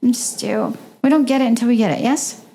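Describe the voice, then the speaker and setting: A woman's voice: fairly high pitch, fast, gravelly, mellow. A woman guest on a podcast giving impassioned advice, emphatic and full of rhetorical questions.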